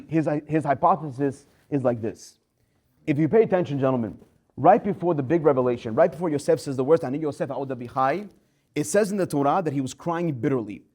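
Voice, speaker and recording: A man, a rabbi giving a Torah class, telling a story with lively acted-out quotes. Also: medium pitch.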